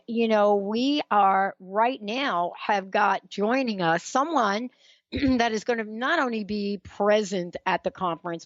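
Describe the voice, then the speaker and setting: A woman's voice: medium pitch, dry recording, lo-fi sound. A woman with a New York accent hosting a talk radio interview, enthusiastic and chatty, laughing easily. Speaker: radio show host.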